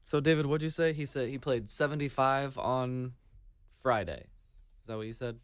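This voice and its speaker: A man's voice: medium pitch, moderate pace, a little hiss or hum. A man hosting a casual sports chat, who asks lots of questions and teases the others. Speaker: podcast host.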